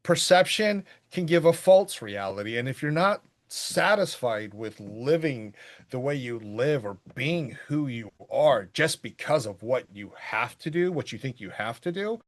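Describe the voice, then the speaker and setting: Rambling animated man reviewing a film. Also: medium pitch, measured pace. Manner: rambling, animated, bursts into quoted voices. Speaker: podcast co-host. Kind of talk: casual movie review chat.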